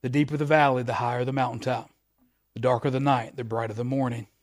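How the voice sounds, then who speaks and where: A man preaching a sermon in a folksy, repetitive way that swells louder at the high points. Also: flat delivery, fast.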